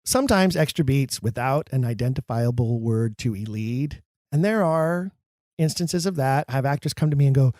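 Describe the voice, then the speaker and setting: A man hosting a podcast, teaching Shakespeare acting with emphatic delivery that drops low and slow for dramatic lines. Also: big pitch swings, a little mellow, dry recording. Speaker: podcast host.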